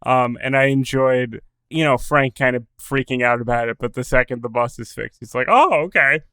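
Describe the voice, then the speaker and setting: A man's voice: medium pitch, moderate pace, smooth, no echo. A man co-hosting a podcast, chatting casually about a TV episode and acting out quotes with laughs. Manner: animated, laughs often, acts out quotes. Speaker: podcast co-host. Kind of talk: casual chat recapping a TV episode.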